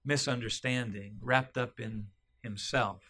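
A man retelling a story aloud, halting often with fillers and restarts. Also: mid-range voice, steady tone, sharp tone.

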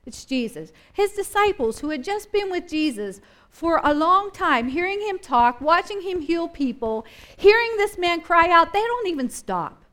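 A woman's voice: extremely high pitch, normal speed, hardly any pauses. A woman teaching a Bible study in a conversational way, wondering aloud and acting out the scenes she describes. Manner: animated, acts out scenes and voices from the story; thinks aloud with restarts and questions.

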